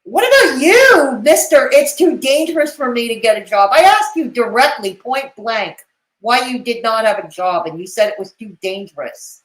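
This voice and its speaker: A woman's voice: fairly high pitch, expressive, normal speed, fairly bright tone, echoey room, poor audio. A woman commentating on a live stream, with sarcastic, mocking and cutting remarks.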